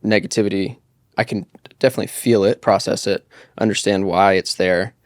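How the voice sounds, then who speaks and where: A reflective man talks as a guest in a casual podcast chat, pausing and restarting with fillers. His voice sits fairly low. The sound is dry and close, with no room echo. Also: steady tone.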